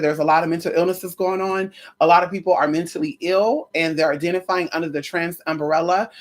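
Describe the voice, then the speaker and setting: A woman vlogging casually, telling a story in a sassy, gossipy way and swearing freely as she talks to her viewers. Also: on the low side. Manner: dramatic, expressive delivery.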